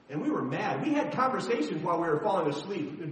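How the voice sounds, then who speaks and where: Emphatic middle-aged pastor in echoey hall. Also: male voice, high voice, sing-song, fairly quick, few pauses, far from the mic. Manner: storytelling, emphatic, dramatic shifts in loudness. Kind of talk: sermon.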